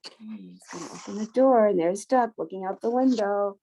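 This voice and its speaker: A woman reading a picture book aloud to children, unhurried and pausing to point out the pictures. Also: mid-range voice, sing-song, warm tone, slight background noise. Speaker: storybook reader.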